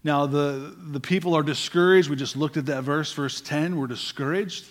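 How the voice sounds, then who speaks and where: Preacher, male, higher-than-average voice, conversational sermon, rhetorical questions, drops quiet for emphasis. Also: steady tone, moderate pace. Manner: asks the congregation questions, frequent "right?" and repeated words.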